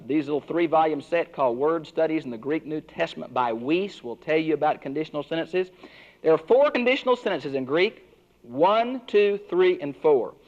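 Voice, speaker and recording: Older man teaching Bible lessons. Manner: earnest teaching, swinging pitch for emphasis. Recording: dull lo-fi recording.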